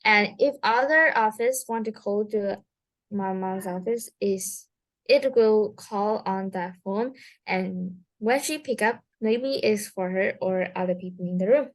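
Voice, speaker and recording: A woman's voice: medium pitch, measured pace. A woman learning English in a one-on-one lesson, speaking hesitantly with non-native phrasing and restarts. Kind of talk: language lesson, reading aloud.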